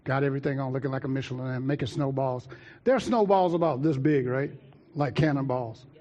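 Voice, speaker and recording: A man preaching, telling a childhood story with lively asides to the congregation. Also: mid-range voice, brisk, highs cut off. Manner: lively, talks to the congregation directly. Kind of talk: sermon storytelling.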